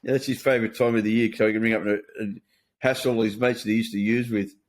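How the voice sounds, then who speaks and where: Blunt man hosting, low voice. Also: fairly even intonation, quick pace. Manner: blunt, matter-of-fact, swears freely. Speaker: podcast host. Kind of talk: casual conversation.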